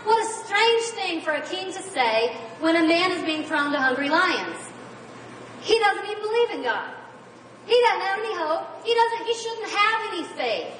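Animated woman preacher in an echoey hall. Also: extremely high pitch, moderate pace, recorded from a distance, a little hiss or hum. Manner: animated, expressive storytelling. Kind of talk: sermon.

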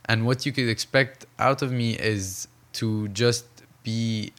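A young professional boxer from Saudi Arabia speaks earnestly in a reflective interview, repeating phrases for emphasis. His mid-range voice is slow, a bit bright, and fairly even in intonation.

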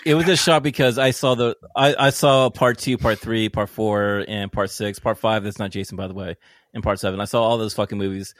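A man's voice: fairly low pitch, steady tone, brisk, no room sound, studio quality. A man co-hosting a casual film review chat, talking emphatically and swearing often. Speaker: podcast co-host.

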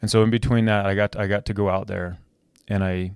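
A man's voice: fairly low pitch, level tone, brisk, gravelly, clean tone, dry recording, studio quality. A man hosting a podcast, telling a heartfelt personal story about his son with many restarts and repeated words. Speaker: podcast host.

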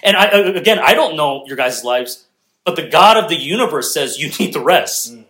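A man's voice: a little high, lively intonation, moderate pace, bright, forceful tone. A young man preaching a sermon in a conversational, joking manner, talking directly with the congregation. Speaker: pastor.

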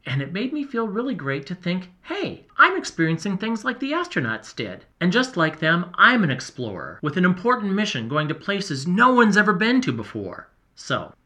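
A man's voice: high voice, normal speed, hardly any pauses, full character voice. A man voicing an earnest boy diarist. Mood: excited. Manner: lively, emotional, confiding diary-style delivery. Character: earnest boy explorer keeping a journal. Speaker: narrator. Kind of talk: first-person audio storytelling.

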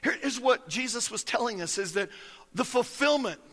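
High, bright-voiced pastor preaching. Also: male voice, lively intonation, normal speed, long reverb tail. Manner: folksy, storytelling, emphatic preaching. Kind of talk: sermon.

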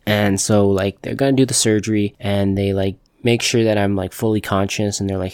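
A young man with a low, gravelly voice, recorded dry and close. He recounts his own story in halting casual speech. He restarts often and leans on fillers. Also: fairly even intonation, a little mellow, no room sound. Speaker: shooting survivor telling his story. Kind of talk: personal storytelling.

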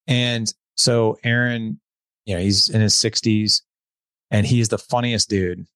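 A middle-aged man, a podcast guest, telling an animated story and acting out the dialogue as he goes. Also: on the low side, slow, no echo, studio quality. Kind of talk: storytelling in casual conversation.

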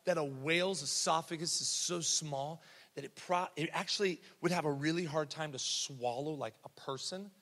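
A man's voice: fairly high pitch, moderate pace. A man doing a condescending schoolteacher. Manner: condescending, hushed. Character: dismissive adult woman schoolteacher. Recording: reverberant church hall.

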